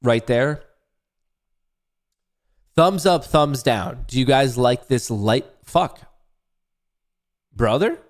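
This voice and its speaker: A man's voice: medium pitch, expressive, extremely slow, pauses often. A young man hosting a live day-trading stream, chatting loosely to his audience with jokes and swearing. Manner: loose, joking, swears, talks to chat. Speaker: livestream day-trading host. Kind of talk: casual live trading commentary.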